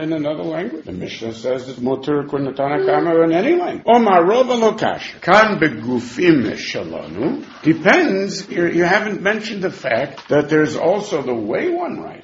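A man teaching a Talmud study class, rising and falling in a sing-song study cadence as he mixes English with Hebrew and Aramaic terms. His voice sits a bit high for a man. The recording is roomy and muffled. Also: vocal fry, a little hiss or hum. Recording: echoey room, dull lo-fi sound.

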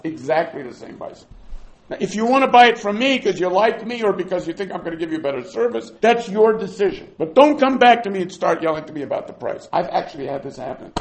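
A man teaching a Talmud class, explaining the rules with acted-out buyer and seller examples and Hebrew terms. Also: high-pitched.

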